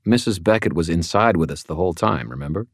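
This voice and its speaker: Brief: sardonic, joking wizard guy for an audiobook, somewhat raised from a deep base, read by a male narrator. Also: lively intonation, fast, no room sound. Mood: wry. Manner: sardonic, joking, a little whiny. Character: wry battered male wizard, wisecracking. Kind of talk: audiobook character voice.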